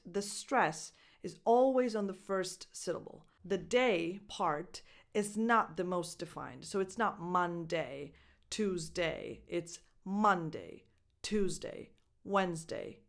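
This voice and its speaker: Slow, careful woman English coach. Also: lowish voice, vocal fry. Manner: slow, exaggerated word-by-word modelling. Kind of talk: pronunciation lesson.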